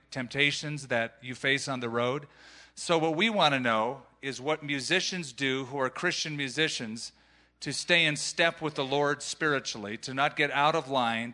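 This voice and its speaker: Bright-voiced male pastor. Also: medium pitch. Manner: upbeat, joking. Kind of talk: live church service, interviewing guests.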